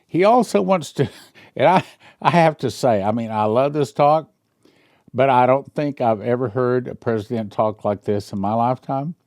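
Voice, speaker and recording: A man's voice: mid-range voice, normal speed, darkish tone, no echo, studio quality. A man who is a pastor, giving casual commentary in an emphatic way, with rhetorical questions and chuckling asides.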